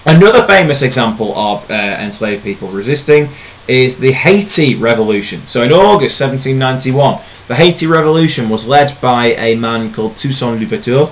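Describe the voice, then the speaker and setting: A man teaching a recorded history lesson in a relaxed, conversational way, with frequent ums and uhs. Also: medium pitch, moderate pace, a little hiss or hum, rough recording.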